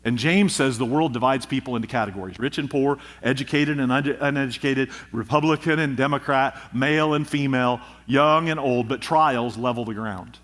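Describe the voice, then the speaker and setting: A pastor preaching a sermon, with emphatic delivery and rhythmic repetition. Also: male voice, mid-range voice, normal speed, few pauses, a bit bright. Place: church.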